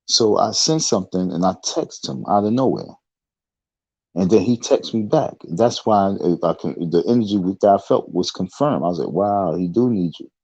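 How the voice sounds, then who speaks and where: A man's voice: sits low, animated, moderate pace, creaky, darkish tone, husky, dry recording, lo-fi sound. A man telling a rambling story in a casual monologue, often restarting his sentences. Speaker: online talk show host.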